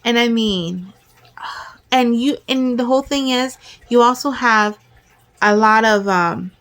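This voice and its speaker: A middle-aged woman chatting casually to camera as a vlogger, excitable and rambling, sometimes talking fast and jumbling her words. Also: fairly high pitch.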